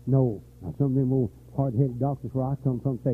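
An older man preaching a revival sermon, dropping to weary low talk and rising to shouted, high-pitched fervor. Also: fairly even intonation, brisk, few pauses, breathy edge. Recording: tinny lo-fi church recording.

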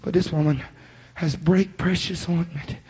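A man's voice: on the high side, fairly even intonation, a little slow, a little mellow. A man preaching a sermon, telling the story dramatically and acting out the voices he quotes. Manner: rhythmic chanted preaching with breathy "uh" between phrases. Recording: muffled recording with faint hiss.

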